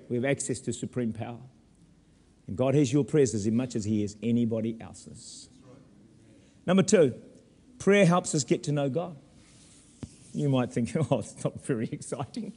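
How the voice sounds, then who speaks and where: A man preaching a sermon as pastor in a church, animated with humorous asides. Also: mid-range voice, moderate pace, pauses often, husky, big-room sound.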